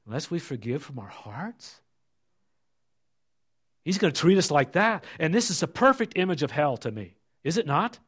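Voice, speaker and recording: A middle-aged male pastor giving a sermon and reading scripture aloud, emphatic, then falling soft and low for asides. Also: big pitch swings, moderate pace, breathy edge.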